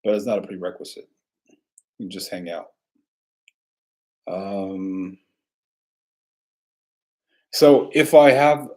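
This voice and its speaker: A man hosting a casual livestream, answering viewer questions in a relaxed, rambling way with frequent restarts. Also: lowish voice.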